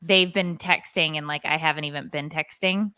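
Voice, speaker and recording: A woman in her forties co-hosts a podcast in a rambling, confessional way, with plenty of fillers. Her voice is bright and smooth, a little lower than most. The close mic sounds dry and dead. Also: fairly even intonation, normal speed, dry recording. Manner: rambling storyteller, lots of fillers. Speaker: podcast co-host. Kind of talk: casual confessional chat.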